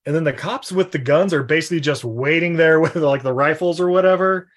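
High-pitched guy rambling through a movie recap, laughs a lot, does little voices for the characters. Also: fairly quick. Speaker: podcast host. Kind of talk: casual film recap chat.

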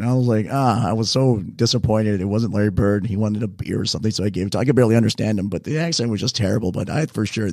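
Brief: man, 40s, husky, mellow low voice, loose rambling storyteller. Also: no echo, studio quality. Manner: rambling, self-correcting anecdotes. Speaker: bartender. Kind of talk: casual storytelling to viewers.

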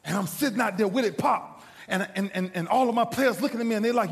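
Guy giving a big motivational speech, gravelly voice, long hall echo. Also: high voice, fast talker. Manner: dramatic storytelling that swings between loud bursts and hushed asides. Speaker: motivational speaker. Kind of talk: inspirational speech to a live audience. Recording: long reverb of a large hall.

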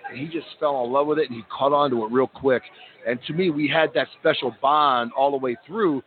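A man's voice: mid-range voice, brisk. A man in his fifties with a Philadelphia accent, chatting as a radio guest and acting out voices as he tells stories. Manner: animated storyteller, acts out voices. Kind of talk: casual chat. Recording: tinny phone-like line.

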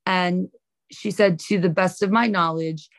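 A woman's voice: lowish voice, steady tone, unhurried, vocal fry. A woman lawyer, a podcast guest, explaining a court case in a confident and slightly gloating way. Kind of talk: casual podcast interview.

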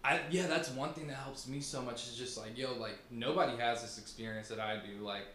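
A man's voice: mid-range voice, a little fast, fairly bright tone. A young man from Virginia, a podcast guest, chatting casually and loosely with many fillers and frequent laughs. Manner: laid-back, many "like" fillers, laughs often. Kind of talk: casual chat. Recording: echoey room, faint background hum.

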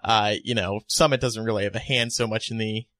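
A man's voice: fairly low pitch, fairly even intonation, fairly quick, a bit bright, no echo, clean studio sound. A man co-hosting a casual chat, relaying film news with chatty asides.

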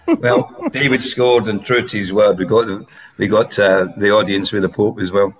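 A former footballer, a man, guest on a podcast, telling anecdotes in a lively way and laughing through his stories. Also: on the low side, moderate pace. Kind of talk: anecdotal storytelling.

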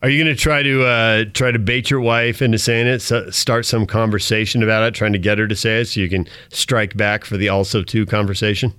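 A man's voice: on the low side, fairly even intonation, fairly quick, hardly any pauses, sharp tone, smooth, no echo, studio quality. A man hosting a sports radio show, teasing his co-host and laughing often. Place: radio studio.

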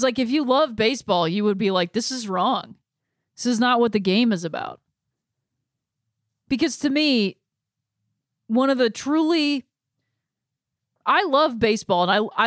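A woman hosting a talk show, delivering a casual, impassioned rant with frequent fillers and self-interruptions, swinging between heated outbursts and quiet disgust. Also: fairly high pitch, no echo, clean studio sound. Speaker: podcast host. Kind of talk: casual ranting monologue.

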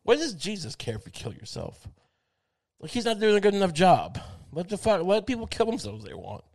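A man's voice: sits high, wildly swooping pitch, fairly quick, gravelly, darkish tone. A man hosting a talk show, delivering a profane, sardonic comedic monologue that rambles and restarts itself.

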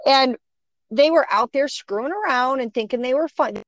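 Woman spinning a lively yarn, dull dry sound. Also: sits high, moderate pace, dry recording. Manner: animated, acts out quoted voices. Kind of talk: casual storytelling chat.

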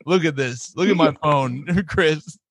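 A man's voice: on the high side, unhurried, fairly bright tone, dry recording. Laughing, swearing man hosting a podcast. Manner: laughs often, swears freely, reads out listener comments. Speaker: podcast host. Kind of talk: casual chat.

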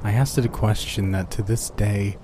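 A man narrating a first-person horror story in an even storytelling manner. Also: on the low side, moderate pace, noisy background.

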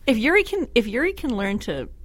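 A woman on a podcast panel makes teasing, witty remarks. Her voice sits a little high and moves up and down a lot. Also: big pitch swings, brisk. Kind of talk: casual panel chat.

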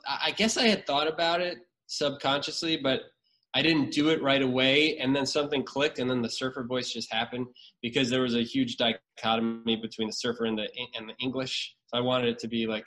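This is a man in his thirties on a podcast, telling stories in a loose, meandering way, starting over often. His pitch sits right in the middle. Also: a bit bright, poor audio. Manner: rambling storyteller with many restarts. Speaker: actor and podcast guest. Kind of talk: casual chat.

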